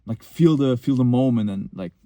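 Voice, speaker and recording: A man's voice: medium pitch, normal speed, mellow, dry recording. A young man telling a personal story in a casual, rambling monologue, full of fillers and short laughs.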